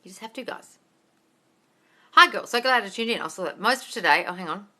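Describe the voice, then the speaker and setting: A woman hosting a live Q&A, her voice bright and forward. She reads viewers' comments aloud and answers in a blunt, no-nonsense way, swearing casually. She calls her viewers darling and guys. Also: medium pitch, expressive, brisk. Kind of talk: live-stream Q&A reading out comments.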